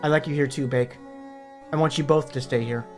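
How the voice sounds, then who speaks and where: A man's voice: mid-range voice, steady tone, brisk, darkish tone, faint music behind, lightly acted. A man reading the lines of a smug, reckless teenage girl who taunts and swears in his own voice while retelling a book. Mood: soft.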